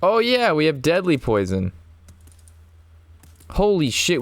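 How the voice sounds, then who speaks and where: Talking slowly in a fairly high voice with wildly swooping pitch, a man in his twenties gives loose commentary on his card game match along with an anecdote. He laughs and swears often, and there's no echo.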